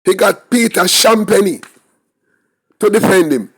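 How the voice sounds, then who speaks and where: A man's voice: fairly high pitch, unhurried. A man with a Jamaican accent giving opinionated crime commentary, talking straight to his viewers and firing off rhetorical questions. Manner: emphatic, rhetorical questions, talks to viewers directly.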